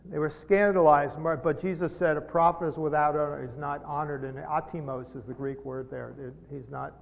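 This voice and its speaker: A middle-aged man preaching a sermon as pastor, earnest and halting, with repeated words, rising to emphatic peaks. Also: on the high side, steady tone, creaky. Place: church sanctuary. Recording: dull sound with long hall reverb.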